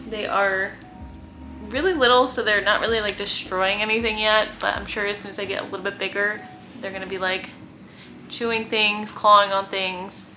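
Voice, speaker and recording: A woman's voice: medium pitch, steady tone, moderate pace, sharp tone, soft background music. A young woman chatting casually in her guest room, full of "like" and cooing baby talk. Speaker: vlogger fostering kittens. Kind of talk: casual chat to camera.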